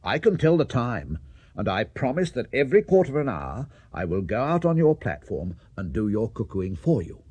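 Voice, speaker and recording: A man voicing a polite, sensible young boy who speaks in a steady, courteous way. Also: on the low side, normal speed, breathy edge, no echo.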